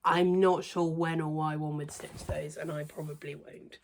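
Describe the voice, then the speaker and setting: A woman reviewing cross stitch books in a casual, hesitant way, trailing into quiet near-whispered asides. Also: low voice, little pitch movement, moderate pace, heavy background noise. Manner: chatty, hesitant with many ums, softens to near-whisper asides. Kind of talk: casual show-and-tell review.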